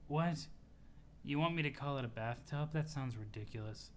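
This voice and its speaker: A man voicing a calm, detached young female troll ghost in a quiet, flat, matter-of-fact way. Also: mid-range voice, moderate pace, lightly acted. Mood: deadpan.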